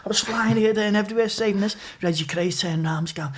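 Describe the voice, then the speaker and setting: A man's voice: high voice, racing, hardly any pauses, slight background noise. Chatty scouse man telling prison stories. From Liverpool. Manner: animated anecdotes, swearing, rambling restarts. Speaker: podcast guest. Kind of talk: casual storytelling.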